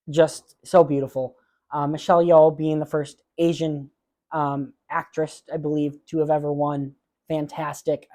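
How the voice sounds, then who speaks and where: A man hosting a solo movie podcast, chatting casually and giving blunt opinions with frequent filler pauses. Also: on the high side, darkish tone. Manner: openly emotional about awards moments.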